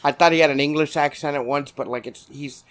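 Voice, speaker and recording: A man's voice: on the high side, fairly even intonation, brisk. A man from South Texas, co-hosting a podcast in casual chat and telling meandering anecdotes. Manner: laid-back, meandering anecdotes. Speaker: podcast co-host.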